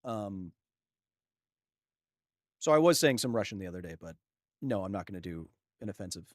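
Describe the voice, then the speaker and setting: With no room sound, a fairly low, expressive male voice comes through at a moderate pace, while loud game gunfire and ambience play behind. He's live-streaming gameplay, yelping in surprise at enemies and talking science with his chat at length.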